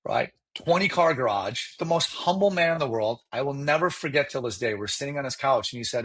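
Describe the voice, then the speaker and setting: A man of Iranian origin whose first language is Persian, telling a personal story as a podcast guest in an animated, conversational way. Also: mid-range voice, fairly quick, hardly any pauses, husky. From Iran. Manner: animated, rising excitedly as he tells a story.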